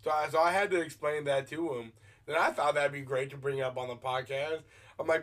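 A man's voice: mid-range voice, steady tone, a little fast, fairly bright tone. A man hosting a casual podcast, chatting in a loose way and swearing casually. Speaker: podcast host. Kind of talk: casual chat.

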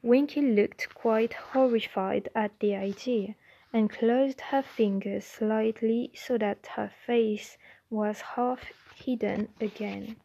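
A woman doing an amateur storybook reading, halting at times and correcting her own slips. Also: fairly high pitch, fairly even intonation, vocal fry, dark tone, no echo, muffled recording. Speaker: audiobook reader.

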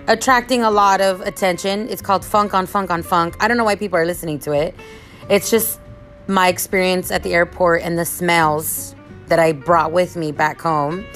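A woman hosting a podcast, telling a personal story in a casual, animated, expressive way. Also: medium pitch. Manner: animated, expressive, acts out quotes. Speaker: podcast host.

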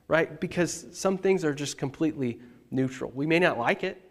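A man, the pastor, giving a conversational sermon, animated and emphatic, talking straight to his congregation. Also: a little high, normal speed.

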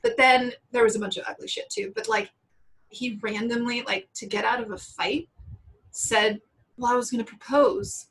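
Breathy woman chatting and laughing. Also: on the high side, moderate pace, low-quality recording. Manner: chatty, laughs often, quotes people in animated voices. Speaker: podcast co-host. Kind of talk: casual chat.

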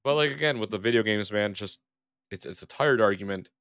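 Very deep-voiced earnest man. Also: fairly quick, a bit bright, no room sound, studio quality. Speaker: podcast co-host. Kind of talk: casual chat.

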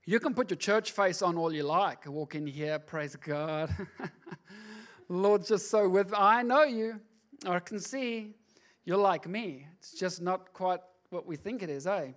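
Male pastor with a high-set voice, sermon delivery, hushed asides building into forceful repeated refrains. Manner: shifts from hushed, intimate asides to loud, driving preaching; repeats words for emphasis.

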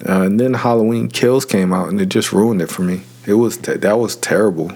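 Man, young adult, low-leaning voice, solo podcast host, opinionated, rambling, fillers. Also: brisk, a little mellow, slightly rough. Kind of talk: casual solo podcast rant.

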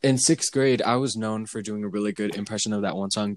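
A man's voice: on the low side, fast talker, dry recording. A man hosting a podcast in casual chat, teasing his co-hosts like an interviewer. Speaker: podcast host.

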